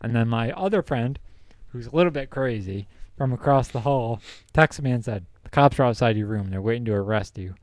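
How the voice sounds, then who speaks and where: A man's voice: medium pitch, brisk, a little mellow, no room sound. A young man hosting a podcast, telling a college story casually and laughing through it. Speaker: podcast host.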